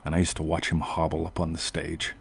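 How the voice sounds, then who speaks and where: The host, an American man, has a gravelly, slightly rough bass voice, delivered in a brisk monotone. On his show he meanders through a long personal tale, casually and self-interrupting, with "right?" popping up frequently.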